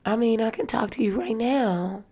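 A dismissive mother brushing someone off over the phone, as a woman mimics her. She mutters low and offhand, with a gravelly fry. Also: moderate pace, mellow.

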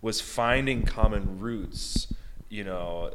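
Low-voiced American man, chatty guest. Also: moderate pace, noisy background. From United States. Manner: enthusiastic, many fillers like "like" and "you know". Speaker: beatboxer and guest. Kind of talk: casual interview chat.

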